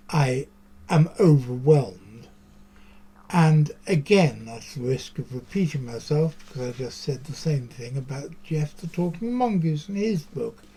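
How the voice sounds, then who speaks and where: A man's voice: fairly high pitch, mellow. A man, hosting a show and talking in a rambling, chatty monologue full of musing asides. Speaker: podcast host. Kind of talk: casual monologue to camera.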